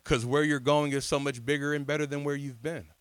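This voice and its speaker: A man preaching a sermon at an outdoor beach service, telling his own testimony with passion and big swings in loudness. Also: fairly high pitch, level tone, a little fast, clean tone, no echo.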